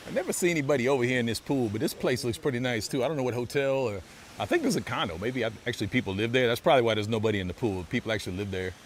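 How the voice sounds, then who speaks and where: A man live-streaming a relaxed walk outdoors by a beach, chatting casually and thanking viewers over and over. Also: medium pitch, rapid-fire, a little hiss or hum. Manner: laid-back, thanks viewers for donations, repeats phrases. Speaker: live-streaming walking vlogger.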